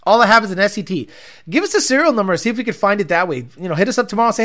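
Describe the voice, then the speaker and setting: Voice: mid-range voice, expressive, very fast, fairly bright tone. A ranting, foul-mouthed livestream host. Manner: profane, ranting, mocking. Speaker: car tuning livestream host. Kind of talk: livestream chat, reading comments.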